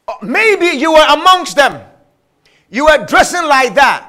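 A male preacher with a very high, bright voice delivers a sermon in an unhurried, deliberate rhythm. He leans on repetition and stretches out his stressed phrases, and his pitch rises and falls expressively. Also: sing-song.

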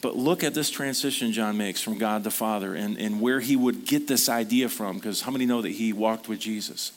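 A man's voice: lowish voice, moderate pace. A man preaching a sermon at a church service, speaking earnestly in a conversational storytelling manner. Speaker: pastor.

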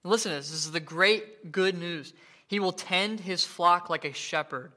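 A man preaching a sermon, earnest, with frequent fillers and restarts, slowing down and lifting his voice to stress the scripture he reads. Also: high-pitched, sharp tone.

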